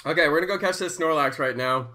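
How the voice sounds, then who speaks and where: A man in his thirties chatting casually and excitably on a live stream, often hyping and chanting. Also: on the high side, fast. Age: 30s.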